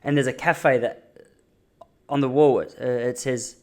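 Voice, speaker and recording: A man's voice: medium pitch, fairly even intonation, a little slow, a little mellow. An Australian man in his thirties hosting a podcast, talking casually and rambling in self-mocking asides with frequent restarts, recorded in a holiday apartment lounge room. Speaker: podcast host. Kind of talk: casual solo monologue.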